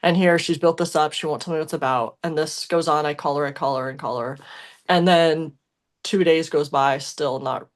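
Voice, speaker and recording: A woman's voice: low-pitched, steady tone, moderate pace. Woman telling a heartfelt story, rambling. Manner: emotional, rambling with many fillers and self-corrections. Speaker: podcast co-host. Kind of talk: casual conversational storytelling.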